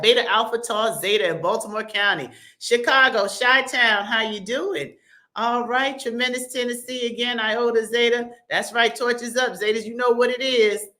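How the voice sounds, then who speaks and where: A woman hosting a live online broadcast, chatty and upbeat, reading viewer comments aloud with quick asides. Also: on the high side, pushed and bright. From American South. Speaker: livestream host. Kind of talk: lively livestream shout-outs.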